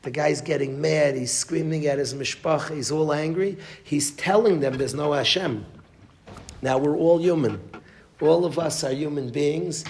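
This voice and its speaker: Emphatic rabbi, higher voice. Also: male voice, a little hiss or hum. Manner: emphatic, repeats phrases, restarts mid-sentence. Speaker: rabbi giving a Torah class. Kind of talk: Torah class with Yiddish and Hebrew terms.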